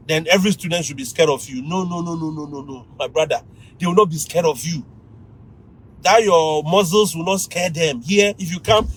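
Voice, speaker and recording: A man with a Ghanaian accent, a teacher giving lively advice to fellow teachers on a livestream, often laughing and mimicking students. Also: on the high side, husky, poor audio.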